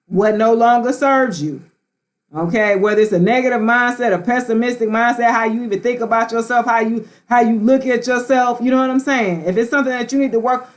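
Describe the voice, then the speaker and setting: A woman tarot reader hosting a live stream, talking casually and slangily straight to her viewers. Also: a little high.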